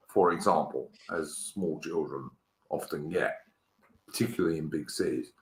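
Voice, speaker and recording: A middle-aged man talks in a very low voice. He hosts a casual political chat, earnest and repetitive, dropping "mate" as he goes. The room around him rings with echo. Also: fairly bright tone. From England. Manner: earnest, repeats words, says mate. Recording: roomy echo.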